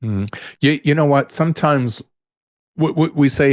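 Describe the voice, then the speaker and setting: A man, a family therapist guest, giving calm, measured advice in conversation. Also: on the high side, no room sound, clean studio sound.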